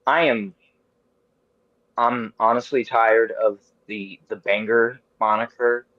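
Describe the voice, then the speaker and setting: Animated, profane man in his thirties. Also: mid-range voice, slow pace, no room sound, muffled recording. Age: 30s. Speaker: podcast host. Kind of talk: casual chat.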